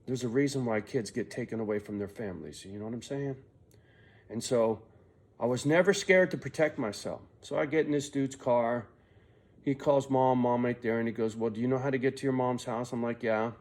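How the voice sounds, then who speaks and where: A man's voice: mid-range voice, brisk, darkish tone. Rambling, profane man telling his story. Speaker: vlogger. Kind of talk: personal storytelling vlog.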